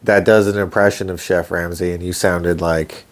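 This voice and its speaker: A young man co-hosting a casual chat show, talking animatedly and jumping up in pitch when excited. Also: moderate pace. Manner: animated, jumps up in pitch when excited, quotes lines in put-on voices. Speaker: podcast co-host.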